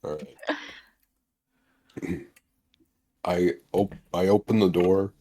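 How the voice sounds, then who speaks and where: A man's voice: low voice, very slow, dark tone. A man playing a tabletop game, jokey and casually swearing. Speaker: player.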